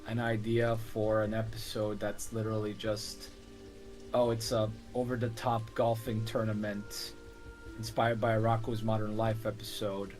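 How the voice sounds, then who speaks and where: A man's voice: lowish voice, little pitch movement, moderate pace, darkish tone, soft background music. Rambling man at a game table. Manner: rambling, laughs often, restarts sentences. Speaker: player. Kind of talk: casual chat at a tabletop game.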